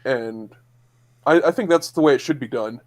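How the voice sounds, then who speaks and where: A man co-hosting a casual podcast chat, picking apart details with frequent pauses and restarts. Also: mid-range voice. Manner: hesitant and analytical, with frequent fillers and restarts. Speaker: podcast co-host.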